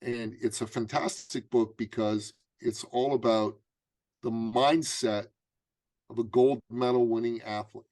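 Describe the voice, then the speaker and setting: A man's voice: medium pitch, a little slow, no echo. A man, a business coach and author, telling a story in an interview and acting out the dialogue. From Canada. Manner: animated storyteller, acts out dialogue.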